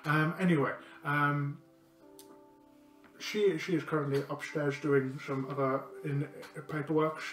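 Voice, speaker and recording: Man putting on a bumbling records clerk, a bit high, echoey distant mic, faint music. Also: fairly even intonation, measured pace, a bit bright. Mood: fumbling. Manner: rambling and hesitant, many ums. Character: flustered male clerk of a keep's records office.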